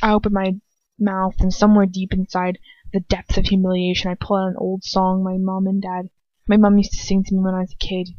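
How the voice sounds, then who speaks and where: A woman reads a first-person fan story aloud in a casual, unpolished way, stumbling now and then and restarting lines. Her voice sits at a middling pitch. The home recording is dry and a little dull. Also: completely flat delivery, brisk, a little mellow, no room sound. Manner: casual reading with small slips and restarts. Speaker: fanfiction reader. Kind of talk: amateur first-person audiobook reading.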